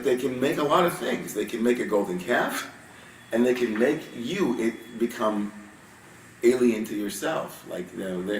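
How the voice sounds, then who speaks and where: A man giving a Torah study sermon, reading Hebrew verses and then explaining them in animated, casual English. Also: medium pitch, slight background noise. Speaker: rabbi teaching Torah. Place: synagogue sanctuary. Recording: roomy sound from a distance with faint ambience.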